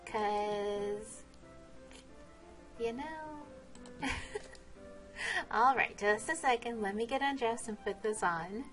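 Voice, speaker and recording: A woman's voice: fairly high pitch, very slow, pauses often, a bit bright, soft background music. A woman vlogging while she plays, chatting casually, laughing and exclaiming often. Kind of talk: casual game vlog commentary.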